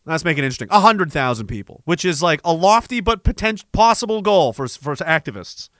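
A man delivering a sarcastic, profane satirical rant as an online commentator, slipping into a mock bank-salesman pitch. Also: animated, fairly quick, a bit bright, no room sound, clean studio sound. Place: Canada.

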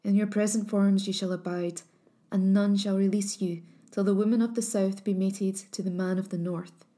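A woman's voice: medium pitch, fairly even intonation, moderate pace, warm tone, lightly acted. A woman voicing a jealous enchantress stepmother who speaks her curse in a solemn, incantatory way, for a storybook reading. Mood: stern. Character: jealous enchantress stepmother, cursing then remorseful.

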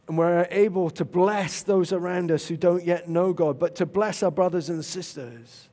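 Preacher in an echoing hall. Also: male voice, high voice, normal speed. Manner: animated, shifts to loud shouts and quiet reflection. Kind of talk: sermon with storytelling. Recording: long reverb of a large hall.

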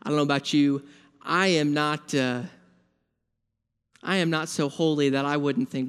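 A man's voice: a little high, a little slow, long pauses, a bit bright, smooth. A man preaching a sermon as pastor, conversational and building emphasis through repeated phrases. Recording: long reverb of a large hall.

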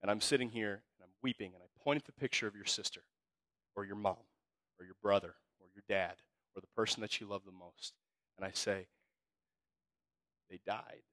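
A man preaching a sermon as pastor, telling stories in a casual, slangy way and swinging from hushed to loud. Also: on the low side, fairly even intonation, brisk, dry recording.

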